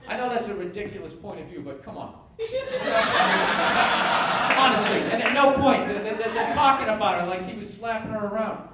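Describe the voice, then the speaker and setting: A man's voice: high voice, a little fast, pauses often. A male stand-up comedian ranting in a sarcastic, profane way on stage before a laughing audience. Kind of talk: stand-up routine. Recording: echoey distant live stage recording, loud noise.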